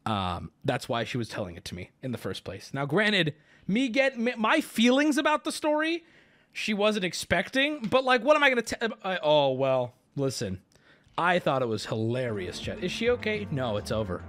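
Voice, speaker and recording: A man's voice: a little high, wildly swooping pitch, moderate pace, a bit bright. A man streaming live, ranting sarcastically and swearing often as he talks to chat. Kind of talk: casual livestream chat.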